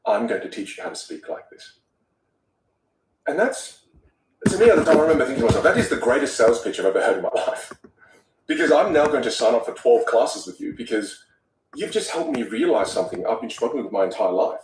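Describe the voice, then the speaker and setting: A young man, a communication coach, telling stories in an animated way during a podcast interview. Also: mid-range voice, quick pace, reverberant, recorded from a distance, a little hiss or hum, low-quality recording. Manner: animated, dramatic storyteller who acts out voices.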